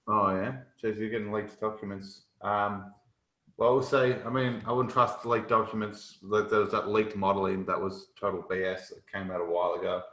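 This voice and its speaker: A man's voice: lowish voice, level tone, moderate pace, fairly bright tone, reverberant, poor audio. A man with an Australian accent, co-hosting a podcast in easygoing, slangy, joking casual chat. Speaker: podcast co-host.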